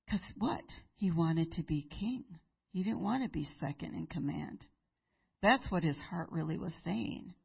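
A woman preacher telling a Bible story in a sermon, animated and acting out the characters. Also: fairly low pitch, a little slow, creaky, breathy edge, highs cut off.

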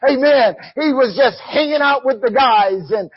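A man preaching a sermon, peppering it with "amen" and rising into shouts. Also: extremely high pitch, unhurried, breathy edge, no echo. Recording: dull lo-fi recording.

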